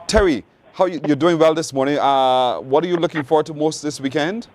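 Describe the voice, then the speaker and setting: A man's voice: a little high, slight background noise. A Barbadian man hosting a morning show, running a playful call-in word game and reading the news. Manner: lively, playful, drawn-out teasing delivery.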